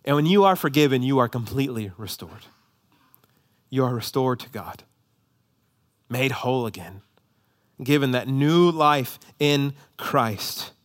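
A man preaching a sermon, swinging between loud, urgent emphasis and hushed, intimate appeals. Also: mid-range voice, animated, measured pace, long pauses. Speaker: pastor.

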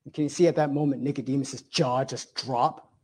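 A man preaching a sermon, building emphatic repeated phrases and slowing down to stress key words while explaining a point like a teacher. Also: medium pitch, fairly even intonation, darkish tone. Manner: emphatic, repetitive cadences with slow, stressed phrases.

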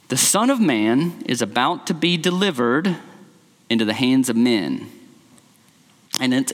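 A man preaching a sermon as pastor, earnest and emphatic, speeding up and slowing down to stress his points. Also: fairly bright tone, long reverb tail. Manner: earnest, emphatic, varies pace and pitch widely.

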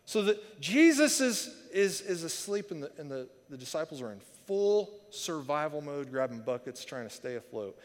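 A man preaching a sermon, telling stories in a chatty, animated way with frequent restarts and asides. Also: on the high side, normal speed, few pauses, in a large hall. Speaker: pastor.

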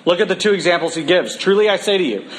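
A man preaching a sermon in a church, reading scripture and breaking into casual, animated asides. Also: high voice, quick pace, rough recording.

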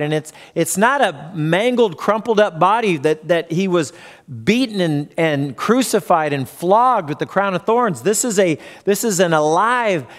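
A man with a fairly high voice preaches a sermon in a church. He tells the story plainly and now and then acts out what the people in it say. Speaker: pastor.

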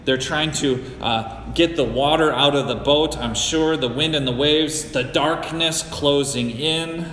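Slow-spoken preacher man in echoey hall. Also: a little high, a bit bright, slight background noise. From US Great Lakes region. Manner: slow, deliberate storytelling with personal anecdotes. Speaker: pastor. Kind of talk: sermon. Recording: echoey hall with long reverb.

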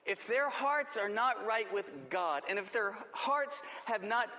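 A man preaching a sermon, telling the story dramatically and acting out the quoted lines, swinging between booming and hushed. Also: a little slow. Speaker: pastor. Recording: long hall reverb.

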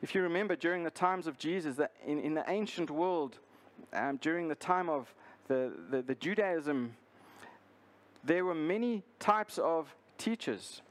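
A man's voice: fairly high pitch, measured pace. Earnest man preaching a sermon. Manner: earnest, with frequent restarts and fillers. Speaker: pastor.

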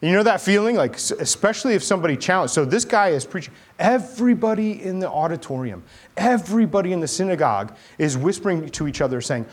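A male pastor preaching a sermon, animated, acting out voices and asking the crowd questions. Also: high-pitched, quick pace.

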